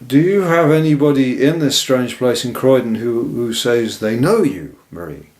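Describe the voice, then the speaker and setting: A woman interviewing in an improvised comedy sketch, asking polite questions in a deadpan way. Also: a bass voice, normal speed. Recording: echoey room, faint noise.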